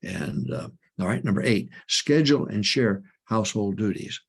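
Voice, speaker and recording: An older male pastor with a low, gravelly, husky voice. He talks in a folksy, emphatic way and drives his points home by repeating them. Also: moderate pace. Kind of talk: folksy ministry advice talk.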